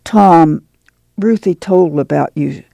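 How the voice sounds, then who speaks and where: A man's voice: on the high side, slow pace, gravelly, warm tone, no echo. A man voicing a worried, tender but firm farm mother in an audiobook, with folksy rural speech. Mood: uneasy. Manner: folksy rural dialect, pleading and stern. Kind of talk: audiobook character reading.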